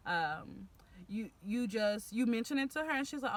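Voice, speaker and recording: A woman's voice: a little high, expressive, moderate pace. A young woman from Texas with a Houston accent, chatting casually and animatedly to camera about her friends, full of slang. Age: young adult. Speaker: vlogger.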